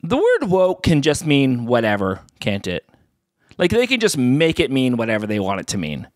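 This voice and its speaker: A man's voice: mid-range voice, huge pitch swings, moderate pace, no echo. Sarcastic male commentator, dry sound. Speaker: commentator host.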